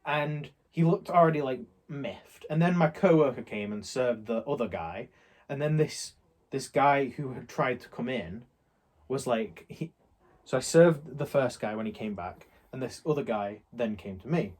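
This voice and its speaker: A man's voice: medium pitch, animated, moderate pace, darkish tone. A young man from England chatting casually, retelling a shop argument in a rambling way. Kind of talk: casual chat, storytelling.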